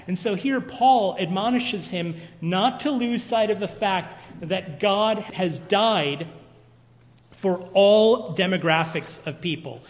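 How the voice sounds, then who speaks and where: A man preaching an expository sermon, earnest and emphatic, posing rhetorical questions to his congregation in a church. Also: sits high. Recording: long reverb of a large hall.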